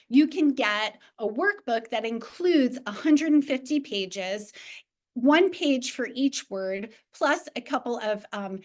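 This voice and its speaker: A woman walks fellow teachers through a reading lesson, patient and explanatory. Her voice sits a little high for a woman, and she demonstrates each step aloud as she goes. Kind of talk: teacher training presentation.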